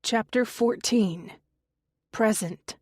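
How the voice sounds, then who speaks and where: A woman reads a first-person thriller audiobook at an unhurried pace, her voice sitting in a middle register. She is recorded on a close studio mic in a dry, dead space with no echo. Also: fairly high pitch, darkish tone, breathy edge. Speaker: audiobook narrator.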